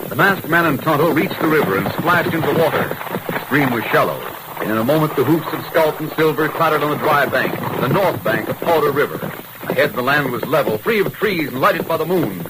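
A man's voice: fairly high pitch, expressive, fairly quick, very noisy. A man narrating a vintage radio drama in a vivid, dramatic storytelling manner. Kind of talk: scripted narration. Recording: old radio broadcast with music.

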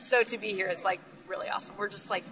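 A woman's voice: mid-range voice, fairly even intonation, quick pace, rough recording. A woman in a band, chatting in a casual, upbeat interview at a music festival and saying "like" a lot. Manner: upbeat, filler-heavy, says "like" often. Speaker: band member, interview guest. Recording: music playing clearly in the background.

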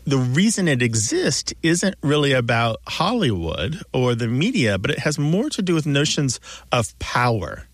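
A man's voice: mid-range voice, very animated, normal speed, dry recording. A man co-hosting a call-in radio show, explaining things in a chatty way and laughing easily.

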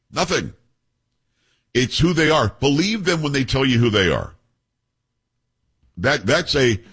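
A man's voice: mid-range voice, a bit bright, slightly rough. A man hosting a talk radio show, telling stories emphatically and firing off rhetorical questions. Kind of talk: opinionated talk radio monologue.

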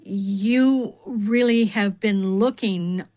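Lady interviewer, talks slow, nudges the guest along. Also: medium pitch, a little mellow. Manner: slow, prompting questions.

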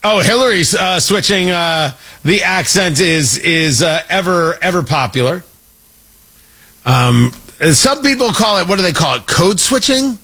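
Male talk-radio host, bright and lively, slightly husky, mocking and opinionated. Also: sits high, a little slow. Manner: sarcastic and mocking, with frequent restarts. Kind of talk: opinionated talk show monologue.

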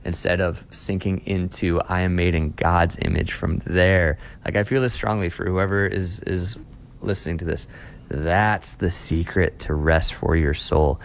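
A low, gravelly, steady voice belongs to a Christian author being interviewed, who speaks a little slowly. He stresses his points about faith earnestly and paraphrases scripture, with slight background noise present.

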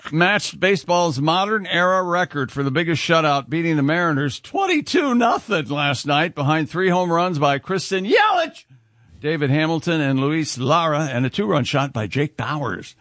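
A man's voice: fairly high pitch, very animated, a little slow, fairly bright tone, no room sound. A man co-hosting a casual talk show, reading sports scores and news items with jokes and laughter. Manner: jokey, acts out scenes with laughs. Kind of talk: casual morning show banter.

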